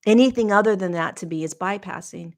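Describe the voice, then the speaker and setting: Speaking slowly in a mid-range voice, a middle-aged podcast host muses on spiritual matters. Her delivery is halting and full of feeling, as if she's feeling her way toward each word.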